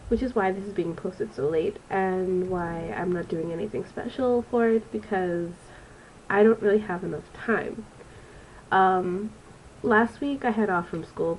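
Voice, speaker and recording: A woman's voice: lowish voice, normal speed, darkish tone, a little hiss or hum, low-quality recording. Chatty nasal young woman with allergies. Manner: chatty and rambling, with frequent ums. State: stuffy nose from allergies. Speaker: student teacher reviewing a book. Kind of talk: casual vlog book review.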